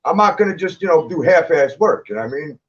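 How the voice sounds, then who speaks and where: High-voiced blunt, profane man. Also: lively intonation, quick pace, highs cut off. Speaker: guest, clothing designer. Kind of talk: casual chat.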